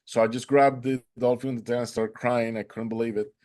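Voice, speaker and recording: A man's voice: medium pitch, level tone, fairly quick, darkish tone. A man whose first language is Spanish, earnestly telling a personal story as an interview guest, with non-native English phrasing. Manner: acts out quoted dialogue in a raised voice.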